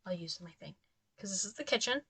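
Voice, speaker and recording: A young woman talks through a game in a casual, chatty way, breaking into exasperated rants now and then. Her voice sits at an ordinary middle pitch. The sound is dry and close, with no room echo. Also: expressive, a little fast, sharp tone, slightly rough. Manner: chatty, exasperated ranting asides. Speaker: gameplay commentator. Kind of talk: casual let's-play commentary.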